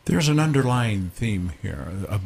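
Male theater director, gravelly lowish voice, faint hiss, measured radio guest. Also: animated, darkish tone. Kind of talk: radio interview.

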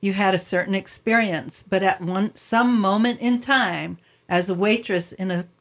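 A woman's voice: medium pitch, normal speed. Woman, interviewer, reflective chat, sums up the story. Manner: thoughtful, sums up what she heard. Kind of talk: reflective conversation.

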